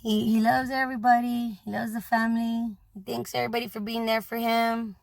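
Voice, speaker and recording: A woman's voice: on the high side, level tone, brisk, gravelly, no echo. A woman in a casual spoken monologue, relaying a departed man's message in a loose, blunt way, swearing freely and saying "you know" often. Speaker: messenger relaying words from a departed man.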